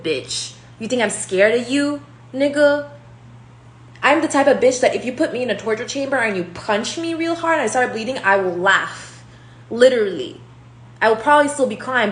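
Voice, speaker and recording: A young woman giving a casual tarot reading, talking in a rambling, profane and confrontational way. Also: mid-range voice. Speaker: tarot reader. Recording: echoey room with faint hum.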